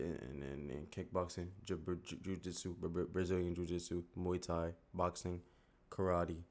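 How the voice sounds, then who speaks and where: A man's voice: low-pitched, darkish tone. A young man with a Southern US accent telling a story in a rambling, slangy way full of filler words. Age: young adult. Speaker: YouTuber. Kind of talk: casual storytelling.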